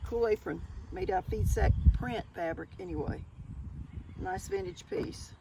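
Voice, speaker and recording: A woman's voice: mid-range voice, a little slow, vocal fry, noisy background. An older woman with a Southern US accent, chatting in a folksy way as she shows off her thrift finds to viewers. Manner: chatty and folksy, keeps calling the viewers y'all. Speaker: thrift haul vlogger. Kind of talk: casual show-and-tell haul.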